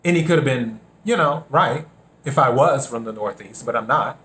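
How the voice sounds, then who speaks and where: A man from South Carolina hosting a reflective solo podcast, unhurried, repeating his phrases and acting out bits of dialogue. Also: mid-range voice, animated, a bit bright. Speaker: podcast host.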